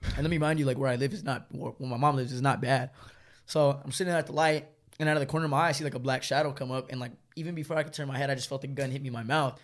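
A man's voice: medium pitch, steady tone, racing. A young man telling a story to friends in casual chat, swearing often and using lots of fillers, laughing as he goes.

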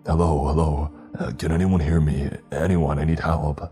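A man's voice: extremely low pitch, flat delivery, moderate pace, dark tone, faint music behind. A man voicing a panicked adult man pleading for help over a walkie-talkie. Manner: frantic, pleading.

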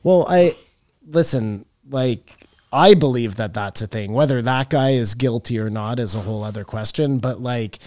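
A man's voice: medium pitch, normal speed, a little mellow, no echo, studio quality. A middle-aged man co-hosting a podcast in casual chat, rambling and swearing as he jumps into the talk. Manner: rambling, profane, jumps in animatedly. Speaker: podcast co-host.

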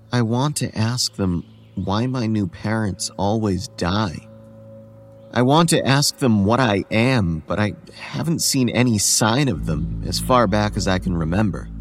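A weary, ageless boy tells his story, as a man narrates it. The low voice stays quiet, measured and tired, like horror storytelling on a podcast. Soft music sits faintly behind it. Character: weary, homeless boy who looks about eleven.

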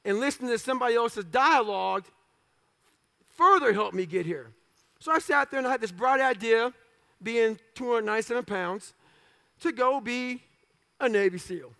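Blunt, gravelly high-voiced male speaker. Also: animated, normal speed, pauses often, pushed and bright. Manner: blunt, profane, self-mocking humor; punchy clipped phrases. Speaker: motivational speaker. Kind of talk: motivational speech storytelling.

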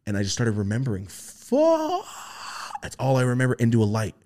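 A young man on a podcast telling a story in casual chat, swearing freely and acting out the voices he quotes. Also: rapid-fire. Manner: animated, swearing, acts out quoted voices in a high pitch. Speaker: podcast host.

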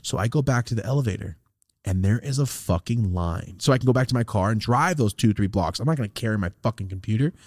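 A man's voice: lowish voice, fast, no echo, studio quality. A man casually telling a rambling, profane story as a podcast host, acting out the quotes. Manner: profane, rambling, animated retelling with acted-out quotes.

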